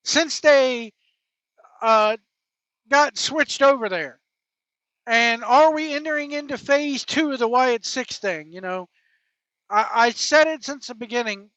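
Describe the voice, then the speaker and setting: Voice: sits high, fairly bright tone, dry recording. A wrestling show host giving casual, informal commentary with slangy, emphatic phrasing. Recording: dull lo-fi, dry.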